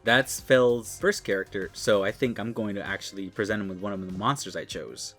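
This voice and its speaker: A man's voice: on the low side, a little fast, music in the background. A man hosting a casual chat in an easygoing way, laughing often. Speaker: host.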